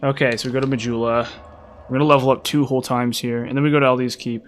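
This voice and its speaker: A man's voice: mid-range voice, little pitch movement, fast talker, slight background noise. Male streamer, casual rambling gameplay chat, mid-range voice. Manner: rambling, chatty, lots of fillers. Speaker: game streamer.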